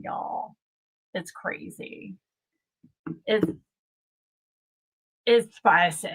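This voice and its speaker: A woman's voice: mid-range voice, vocal fry, a bit bright, low-quality recording. A woman hosting a casual livestream, chatting and reading viewer comments aloud. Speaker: livestream host.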